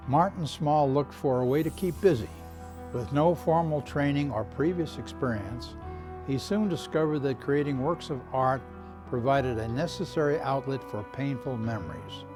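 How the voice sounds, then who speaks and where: Documentary voice-over, male, measured and formal, loud music underneath. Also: mid-range voice. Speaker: documentary narrator. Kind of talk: scripted narration.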